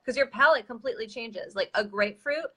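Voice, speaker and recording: A woman's voice: on the high side, a little fast, breathy edge. A woman hosting a casual chat, telling a funny story with lots of laughter. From United States. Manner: animated storyteller, laughs often. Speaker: host.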